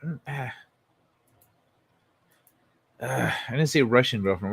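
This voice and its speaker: A man's voice: mid-range voice, slow, gravelly, husky. A man hosting a casual livestream, reading news articles aloud and joking sarcastically with chat, often swearing and laughing. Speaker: livestream host.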